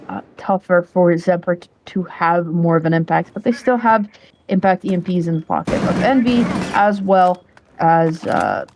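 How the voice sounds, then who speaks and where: A woman's voice: on the low side, noisy background. A woman casting a live esports match, talking through the play in a chatty, casual way with frequent fillers. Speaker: esports caster.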